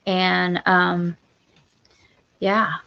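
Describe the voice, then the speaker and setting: A woman's voice: fairly low pitch, level tone, drawn-out words, gravelly, muffled recording. A woman co-hosting a homestead livestream, chatting casually and enthusiastically with lots of yeahs. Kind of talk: casual live-stream chat.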